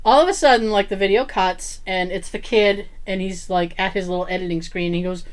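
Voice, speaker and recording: This woman speaks at a medium pitch, briskly and with few pauses. She's co-hosting a podcast and telling a story in casual chat, animatedly acting out what people said and laughing often.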